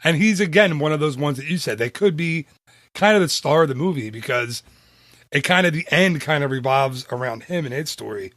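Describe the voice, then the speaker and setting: Man, podcast host, casual chat, lively swinging pitch, laughs a lot, dry studio mic. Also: fairly quick, no echo. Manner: animated, laughs often. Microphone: studio podcast microphone.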